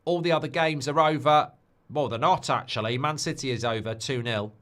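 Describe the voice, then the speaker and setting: A man's voice: mid-range voice, fairly quick, fairly bright tone. A man hosting a football watchalong stream in a casual, chatty, jokey way, reading viewer comments aloud. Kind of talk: casual live-stream chat.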